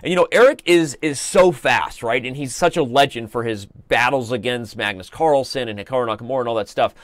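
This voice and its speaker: A man hosting a live online chess show, commenting on games in a chatty, joking way and reading out viewer shout-outs. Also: mid-range voice, no room sound. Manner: chatty and joking, with playful asides.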